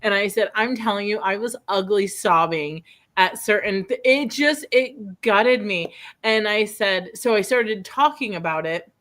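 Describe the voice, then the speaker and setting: A woman in her thirties hosting a casual chat, rambling through a personal story with lots of fillers and restarts. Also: medium pitch. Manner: rambling storyteller, animated, quick laughs. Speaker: host.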